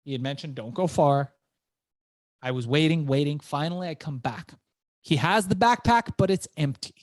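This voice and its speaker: Animated middle-aged man telling a story. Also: a little high, brisk, no room sound. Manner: animated storyteller, repeats words when excited. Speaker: entrepreneur guest. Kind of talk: storytelling interview.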